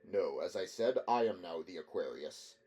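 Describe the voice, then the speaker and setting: A man voicing a blunt, impatient water engineer in an audiobook reading, speaking curtly and a little louder. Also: low-pitched, expressive, normal speed, pitched below the performer's own voice. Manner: curt, impatient.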